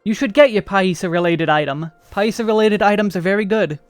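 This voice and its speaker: American man streaming, high clear voice. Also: brisk, no echo, soft background music. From United States. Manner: chatty, thinks aloud, trails off. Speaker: game streamer. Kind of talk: casual livestream chat while playing.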